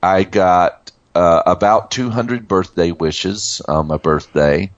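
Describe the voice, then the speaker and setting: Deep-voiced man in his sixties, chatty. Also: no room sound, dull audio. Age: 60s. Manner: chatty, laughing, with fillers and pauses. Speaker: podcast co-host. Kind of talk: casual chat.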